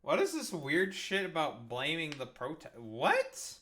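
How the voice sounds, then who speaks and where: A man ranting through political reaction commentary, swearing constantly and dripping with sarcasm. His voice sits high and sounds bright and edgy. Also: wildly swooping pitch, takes it slowly. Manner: profane, sarcastic, heated.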